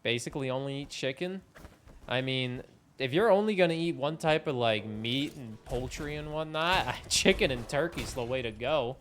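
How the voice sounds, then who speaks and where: While gaming on a live stream, this young man rambles, pokes fun at himself, and swears casually. He sounds animated, with a mid-range, fairly bright voice at a normal speed, over slight background noise.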